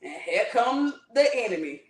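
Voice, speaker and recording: Woman, high voice, fervent spiritual workshop talk, slangy and blunt, echoey room. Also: big pitch swings, moderate pace. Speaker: spiritual teacher. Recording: roomy echo.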